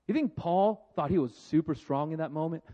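A man preaching a sermon with jokes, moving between lively storytelling and hushed, slow reflection. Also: a little high. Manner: animated and joking, then hushed and reflective. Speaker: pastor. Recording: dull lo-fi sound.

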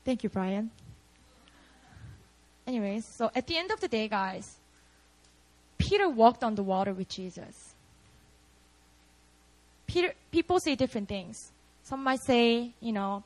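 A woman's voice: fairly high pitch, animated, a little slow, pauses often, low-quality recording. A young woman preaching a casual, storytelling sermon, chatty and full of "like" and "you know". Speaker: preacher at a prayer meeting.

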